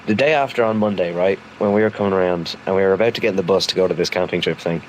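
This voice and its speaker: A man's voice: low-pitched, a little hiss or hum, poor audio. A young man casually telling a story from his school days, rambling with lots of fillers and restarts. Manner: rambling, halting, full of fillers.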